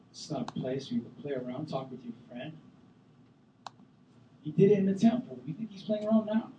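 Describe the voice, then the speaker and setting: A man preaching a sermon as a youth pastor, animated, bursting into loud acted-out voices. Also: a little high, brisk, long pauses, highs cut off, slight background noise. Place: church sanctuary. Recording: echoey room, voice from far off the mic.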